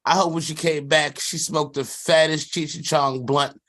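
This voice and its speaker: A man's voice: a little high, steady tone, normal speed, a bit bright. A man co-hosting a sports podcast in casual chat, rambling with lots of fillers and slang and laughing often. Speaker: podcast co-host.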